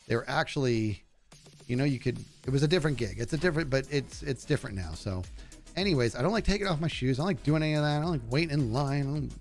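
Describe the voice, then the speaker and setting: A middle-aged man chatting casually on a live stream, telling rambling, self-deprecating stories that turn animated at the punchlines. His voice sits at an ordinary pitch, with faint music playing behind him. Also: fast, vocal fry. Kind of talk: casual storytelling to a live chat.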